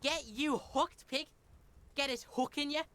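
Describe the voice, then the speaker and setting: A brash, taunting young punk. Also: female voice, sits high, measured pace, a bit bright. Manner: taunting, refers to himself in third person.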